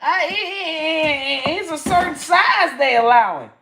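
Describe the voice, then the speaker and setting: A woman comedian hosting a live stream, ranting with constant profanity in a loud, rambling way. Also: sits high, animated, a little slow. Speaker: comedian host. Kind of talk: live-stream comic rant. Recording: echoey room.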